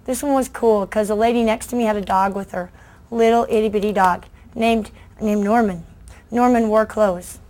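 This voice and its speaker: A middle-aged woman, a children's book author, telling lively stories in a talk and acting out the voices of kids and adults. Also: mid-range voice, moderate pace. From United States. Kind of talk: lively storytelling speech to an audience.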